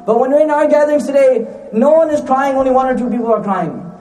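A man delivers a sermon in a very high, mellow voice, speaking quickly, repeating himself and throwing out rhetorical questions. He mixes in recited Arabic phrases. The sound comes from a distance in an echoey room. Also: soft background music. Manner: repeats lines for emphasis, asks rhetorical questions. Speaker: preacher.

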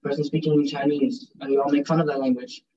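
A young man gives a casual religious lecture, chatty and joking, mixing Urdu and Arabic phrases into his talk. His voice sits high and he speaks quickly. The recording sounds dull and distant, as if the mic is set back from him. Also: flat delivery, mellow, a little hiss or hum. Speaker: Islamic teacher giving a talk.

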